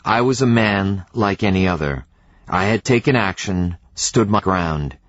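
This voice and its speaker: A man narrating an audiobook in the first person, with a measured, reflective reading. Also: sits low, animated. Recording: slightly dull, dry studio recording.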